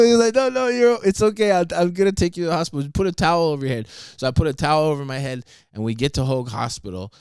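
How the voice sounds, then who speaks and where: A man's voice: medium pitch, a little mellow, clean tone, no room sound, studio quality. A man who is a former student telling an emotional personal story, speaking in an earnest, confessional way and often quoting others as he goes.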